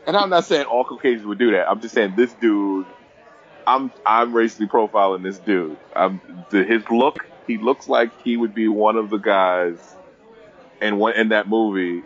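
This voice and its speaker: A man co-hosting a casual podcast chat, telling a story with lively acted-out quotes. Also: fairly low pitch. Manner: animated storyteller, acts out the people in his stories. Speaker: podcast co-host. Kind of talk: casual bar-table chat. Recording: dull lo-fi podcast audio.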